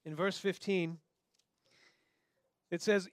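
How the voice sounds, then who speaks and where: Man, pastor, sermon, conversational delivery, acts out quotes, higher-pitched voice, dry sound. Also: steady tone, slow pace, pauses often, smooth, dry recording.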